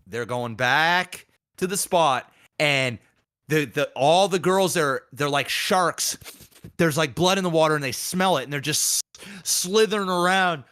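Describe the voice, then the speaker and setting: Bright, animated podcast guy. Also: a little high, unhurried, clean tone. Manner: animated storyteller, profane, acts out quoted people. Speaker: podcast co-host. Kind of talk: casual podcast chat.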